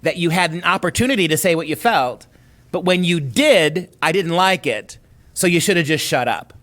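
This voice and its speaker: A sarcastic mock Scottish man sneers through a parody of a teacher's reasoning, as a man puts him on. The voice sits fairly high for a man. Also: expressive, moderate pace, fairly bright tone.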